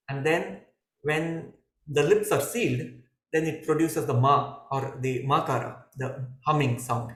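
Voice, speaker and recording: A man, a yoga teacher, giving calm, measured explanations in a podcast conversation, pausing and restarting now and then. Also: on the high side. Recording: echoey room.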